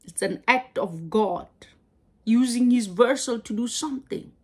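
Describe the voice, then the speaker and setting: A woman preaching a sermon, halting and repeating words as she goes. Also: fairly high pitch, darkish tone, husky.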